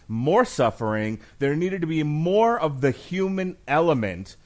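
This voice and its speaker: A man in his forties hosting a podcast and arguing a case about a film with emphatic, animated delivery and frequent laughter. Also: mid-range voice. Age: 40s. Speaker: podcast host. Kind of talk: mock-trial film debate podcast.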